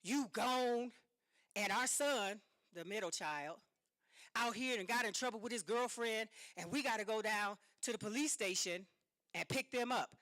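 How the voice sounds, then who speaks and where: A woman quoting her angry husband with gruff, menacing demands. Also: mid-range voice, lively intonation, normal speed, a bit bright, dry recording, clean studio sound.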